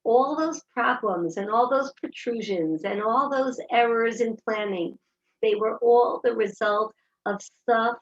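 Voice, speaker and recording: Woman speaker, husky and fairly high, lively storyteller, dull lo-fi sound. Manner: animated storyteller acting out dialogue. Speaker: speaker giving a Torah talk. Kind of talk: inspirational talk with personal stories. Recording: dull lo-fi recording.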